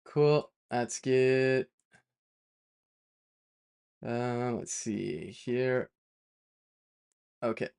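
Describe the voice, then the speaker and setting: A man's voice: medium pitch, steady tone, drawn-out words, gravelly, long pauses, a little mellow, clear, resonant tone. Chatty, rambling man live-coding on stream. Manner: chatty, rambling, many fillers and self-corrections; playful, prone to side tangents. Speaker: developer live-streaming his work.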